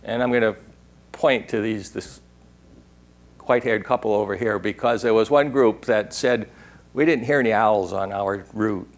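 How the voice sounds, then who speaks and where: A man's voice: lowish voice, normal speed. An older man giving a workshop talk in a lecture room, rambling and digressive, now and then imitating an owl's call. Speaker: workshop speaker. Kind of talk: conference talk.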